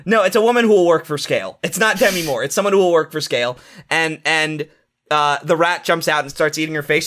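Man, comedy podcast, rambling, crude, filler-heavy, bright, fairly high voice. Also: fast. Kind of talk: casual comedy riffing.

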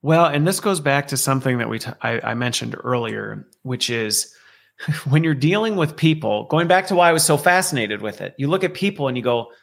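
A man's voice: mid-range voice, animated, a little fast, gravelly, a bit bright. Male guest, mid-range voice, reflective and conversational, fond of analogies. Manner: reflective, explains with analogies and acted-out quotes. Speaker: guest, learning executive. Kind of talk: conversational interview.

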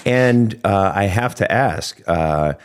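A man's voice: on the low side, lively intonation, slow, smooth. A man hosting a counseling show, speaking bluntly and swearing casually as he questions his guest. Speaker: counselor host. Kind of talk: counseling conversation.

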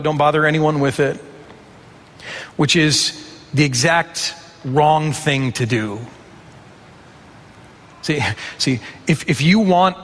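A man's voice: a little high, a bit bright, long reverb tail. A man preaching a conversational sermon, asking rhetorical questions and acting out imagined reactions. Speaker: pastor.

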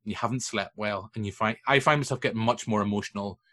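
Male podcast host, lowish bright voice, rambling jokey chat. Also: fast talker. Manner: rambling, jokey, goes off on tangents. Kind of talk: casual chat.

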